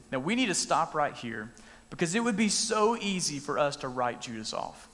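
A man preaches in a loose, conversational way, with a voice sitting a bit high for a man. He acts out the scenes as he talks. His voice rings out with a long reverb in a large room. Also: lively intonation, brisk, a bit bright. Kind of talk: casual sermon.

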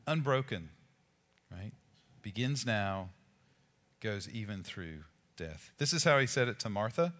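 In a room with a big, open sound, a pastor with a fairly low voice delivers a sermon. His style is conversational and lively, and he tosses casual asides to the congregation.

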